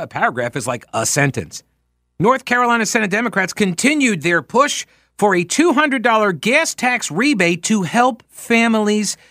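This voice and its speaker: A man's voice: on the high side, fairly bright tone, dry recording, studio quality. A man hosting a political talk radio show, ranting in a sarcastic, exasperated way. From United States. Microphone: studio microphone.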